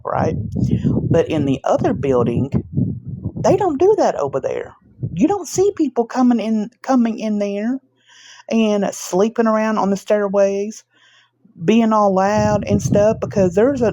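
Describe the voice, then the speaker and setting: A woman vlogger telling a story in a casual, emphatic, animated way, with frequent restarts. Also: medium pitch.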